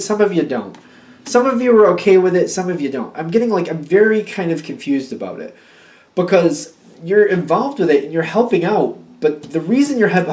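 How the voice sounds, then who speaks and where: A man's voice: a little high, a little mellow, echoey room, distant mic. A man giving a casual tarot reading, thinking aloud and chatty, with many fillers. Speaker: tarot reader.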